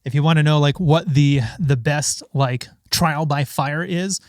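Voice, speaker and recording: A man's voice: a little high, steady tone, unhurried. Breathless, chatty streamer man. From Los Angeles. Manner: loose, chatty, talks to viewers by name. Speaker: streamer and session bassist. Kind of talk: casual live-stream chat. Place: home studio. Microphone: studio microphone.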